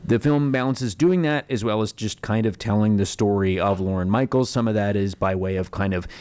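Rambling low-voiced man reviewing a film. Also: darkish tone, clean tone. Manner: rambling, halting, with many fillers and restarts. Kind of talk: casual review chat.

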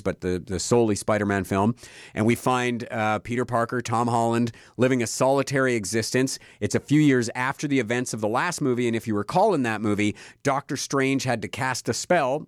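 A man's voice: mid-range voice, no echo, clean studio sound. A middle-aged man co-hosting a casual review segment, talking in an easygoing, enthusiastic way and thinking aloud. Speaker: co-host, reviewer.

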